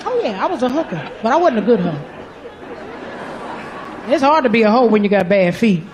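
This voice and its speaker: A brash, foul-mouthed ex-streetwalker woman, played by a man holds court with a bawdy drawl in a very high, shrill register. A live club crowd roars around her, and heavy noise hangs over the recording. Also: big pitch swings, brisk. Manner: loud, bawdy, drawling storytelling. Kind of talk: stand-up comedy character bit. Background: audience laughter.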